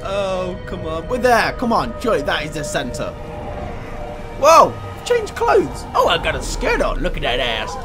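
A man commentating on a video game as he plays, reacting with excitable, loud outbursts and swearing. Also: high-pitched, moderate pace, music in the background. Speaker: let's play gamer. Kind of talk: live gameplay commentary.

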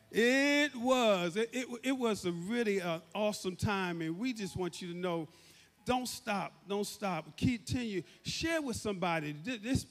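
A man hosting a church service, energetically leading the congregation in call-and-response and repeating prompts. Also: high voice. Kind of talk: call-and-response crowd hype. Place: large church sanctuary. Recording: reverberant hall with faint music.

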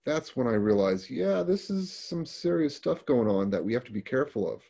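A middle-aged man who works as a paramedic talks as a guest, telling job stories plainly and conversationally and restarting often. His husky, dark, medium-pitched voice has big pitch swings and vocal fry, delivered at normal speed.

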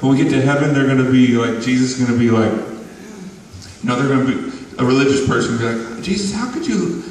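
A man's voice: medium pitch, a little fast, pauses often, darkish tone, recorded from a distance, slight background noise. A man giving a loose, rambling testimony in an interview, laughing often, recorded from afar in a large hall. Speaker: guest musician.

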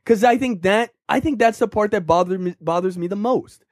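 A man's voice: sits high, a little fast, no echo, clean studio sound. A man co-hosting a casual film podcast, talking animatedly and profanely, with mocking put-on voices. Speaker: podcast co-host.

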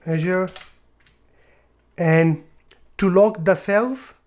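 A man explaining a software tutorial step by step, with fillers and repeated words as he clicks through. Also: high-pitched, drawn-out words. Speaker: tutorial presenter. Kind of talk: screen-recorded software tutorial.

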